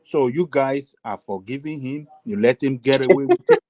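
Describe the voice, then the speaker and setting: A man's voice: medium pitch, expressive, normal speed, mellow, dry recording, rough recording. A man on a political panel, pressing the same question again and again. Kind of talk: heated live panel debate.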